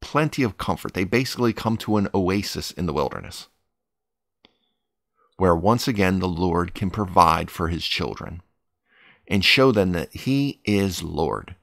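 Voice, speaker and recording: Guy doing a daily bible study, reads the verse then explains it, earnest, a bit of fry. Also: deep voice, animated, a little slow, fairly bright tone, dry recording, clean studio sound. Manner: earnest, rises when urging prayer. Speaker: Bible teacher. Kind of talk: devotional Bible reading and commentary.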